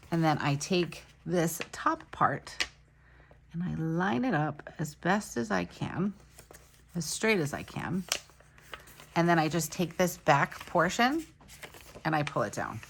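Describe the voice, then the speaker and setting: Woman, low voice, gravelly fry, casual crafting chat, narrates every step, easygoing about mistakes. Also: a bit bright, a little hiss or hum. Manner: chatty, narrates each step, laughs off mistakes. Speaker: planner vlogger.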